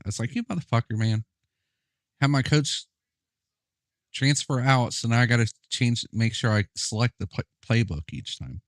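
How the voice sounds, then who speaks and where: A man's voice: medium pitch, animated, moderate pace, no echo, clean studio sound. A young man chatting casually while playing a football video game, laid-back, profane and often laughing. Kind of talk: casual gameplay chat.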